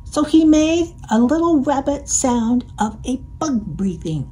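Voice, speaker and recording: A woman reading a picture book to children, gentle and playful, inviting the listener to join in. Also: high-pitched, very animated, unhurried, slight background noise, rough recording. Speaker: storyteller.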